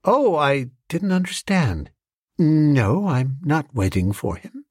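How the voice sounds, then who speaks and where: A man's voice: a little high, very animated, takes it slowly, darkish tone, slightly rough, dry recording, clean studio sound, heavily acted. A man voicing a polite, reserved young woman who used to act on stage. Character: young woman, former actress, composed.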